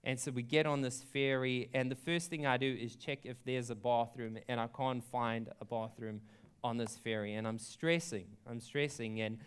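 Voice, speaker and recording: A man's voice: medium pitch, level tone, normal speed, smooth. A young adult man, a pastor, telling a story in a sermon in a chatty way, with many ums and likes. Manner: chatty, frequent ums and likes, laughs at his own story.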